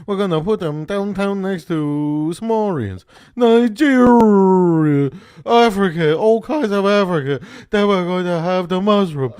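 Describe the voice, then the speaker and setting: A man doing a parody voiceover of a woman city politician, speaking in a halting, rambling way with pauses. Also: high-pitched, darkish tone, clean tone, no room sound, studio quality, close to an everyday voice. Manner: halting, rambling, listing groups.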